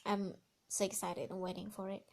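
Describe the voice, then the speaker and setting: A woman's voice: mid-range voice, flat delivery, normal speed. A woman with an American accent, hosting a solo podcast in a gushing, chatty way full of fillers and restarts. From Indonesia. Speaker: podcast host. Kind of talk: casual solo podcast chat.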